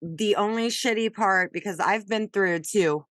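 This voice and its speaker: A woman's voice: mid-range voice, normal speed, a bit bright, no room sound. A woman interviewing a guest in casual chat, reacting briefly and swearing freely.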